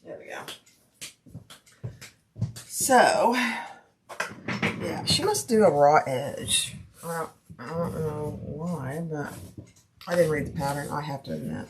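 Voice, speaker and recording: A woman's voice: low voice, very animated, slow, pauses often, noisy background. A woman hosting a live sewing stream, chatting casually as she works and greeting viewers by name. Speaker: sewing livestream host. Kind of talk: casual live crafting chat. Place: home sewing room.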